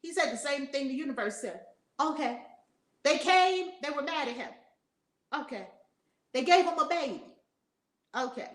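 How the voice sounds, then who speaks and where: A woman spiritual teacher telling a story in an animated, conversational way. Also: high-pitched, roomy sound. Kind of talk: storytelling lesson.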